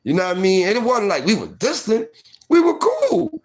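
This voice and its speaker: A man's voice: sits high, huge pitch swings, moderate pace. A man in his forties telling a personal story casually, full of fillers like "you know what I mean".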